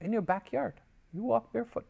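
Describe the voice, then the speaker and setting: This man's voice is very high-pitched and husky with vocal fry, and he speaks a little fast. He's an Islamic teacher in a recorded class lecture, reading Arabic passages to a religious class, explaining them in English and telling personal stories. He is lively, switching between the Arabic and his English explanations and acting out snatches of dialogue in his anecdotes.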